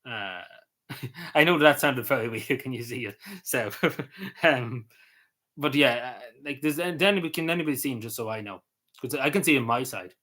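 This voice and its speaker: A medium-pitched, animated livestreamer from Cavan, speaking with an Irish accent, casually works through viewers' comments. His delivery halts often, and his phrases fade to a hush at their ends.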